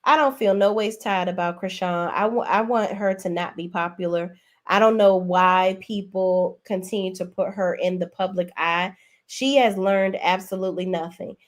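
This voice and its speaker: A woman's voice: mid-range voice, steady tone, normal speed. A woman hosting a casual gossip commentary show, talking in a sassy, blunt, exclaiming way. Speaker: host.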